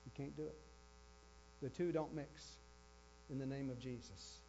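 A man's voice: medium pitch, fairly even intonation, unhurried, gravelly, mellow. A man preaching a sermon with emphasis, repeating his key phrases. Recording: dull lo-fi with faint electrical hum.

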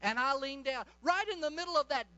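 A middle-aged male preacher delivering a charismatic sermon in a high voice. His tone is bright and sharp, fervent and commanding. The recording sounds dull and lo-fi. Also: fairly quick, dry recording.

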